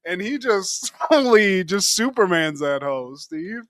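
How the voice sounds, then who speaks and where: A man's voice: high voice, sing-song, slow pace, no room sound, studio quality. A man co-hosting a podcast, giving a casual, joking recap and often calling his co-host by name.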